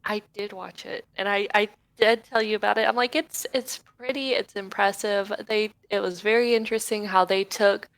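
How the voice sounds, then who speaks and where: A woman co-hosting a casual podcast, chatting in an animated, excitable way and swearing freely. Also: medium pitch, fairly quick, vocal fry, few pauses, no echo, low-quality recording. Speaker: podcast co-host. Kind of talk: casual chat. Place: home, live-streamed podcast.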